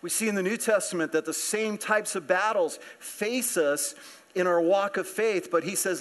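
A man's voice: sits high, moderate pace. A man preaching a sermon, explaining the verses in a conversational way and asking his listeners questions. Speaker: pastor.

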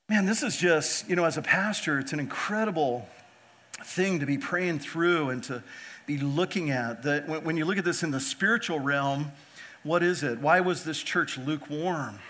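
A man preaching a sermon as pastor, lively and animated, often putting rhetorical questions to his listeners. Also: high voice.

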